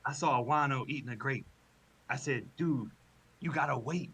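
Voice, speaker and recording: A man doing an impression of a deadpan, laid-back male stand-up comic on a comedy podcast, explaining his own one-liners earnestly. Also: medium pitch, normal speed, husky.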